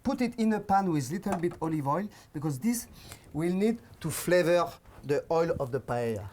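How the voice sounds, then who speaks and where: A chef with a French accent, talking through a cooking demonstration in a halting way, with fillers and restarts. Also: male voice, on the high side, very animated, darkish tone, slight background noise. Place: outdoors on a hillside.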